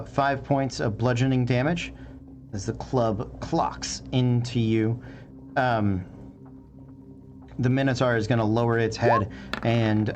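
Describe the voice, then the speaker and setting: A man narrating as game master of a tabletop game, relaxed and hesitant, with many fillers. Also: mid-range voice.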